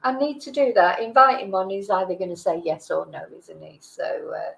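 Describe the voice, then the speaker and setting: On a roughly recorded live stream, a middle-aged woman from England reads viewer comments and chats casually in an animated, slightly bright voice with vocal fry. Her pitch is medium and her speed normal, but she rambles, hesitates often and keeps correcting herself amid plenty of fillers.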